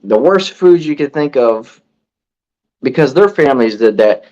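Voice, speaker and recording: A man co-hosts a podcast in casual, reflective talk, circling his point with repeated words. His mid-pitched voice comes through a dull, lo-fi recording. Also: lively intonation, a little slow, a little mellow. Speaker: podcast co-host. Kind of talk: casual chat. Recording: dull lo-fi sound.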